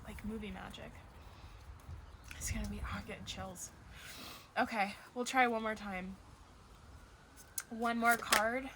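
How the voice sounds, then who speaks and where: A woman's voice: mid-range voice, fairly even intonation, measured pace, long pauses, background noise. A woman giving a casual tarot reading to camera, emotional and gushing, close to tears at times, with dogs barking in the background. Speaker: tarot reader.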